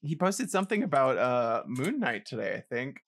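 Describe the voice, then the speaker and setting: A man co-hosting a casual podcast, excitable and jumpy, swinging from mumbles to yelps. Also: medium pitch, moderate pace. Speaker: podcast co-host. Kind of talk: casual chat.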